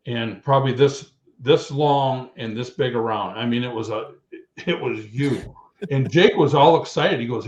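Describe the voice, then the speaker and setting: A man in his sixties spins loose, lively stories, slipping into other people's voices as he goes. His voice sits at an ordinary pitch. It comes through a roomy, echoey line with a muffled, dull tone. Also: moderate pace. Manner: rambling, animated storyteller who acts out quotes. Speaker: guest, retired pro wrestler. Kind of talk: anecdotal storytelling. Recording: echoey, dull remote call audio.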